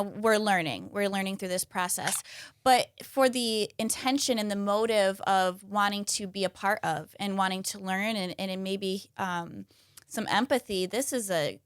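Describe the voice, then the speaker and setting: A woman's voice: mid-range voice, fairly bright tone, clear, resonant tone, no echo, clean studio sound. A woman who is a community ambassador, speaking as a guest in a casual conversation, eager and sprinkled with ums and restarts.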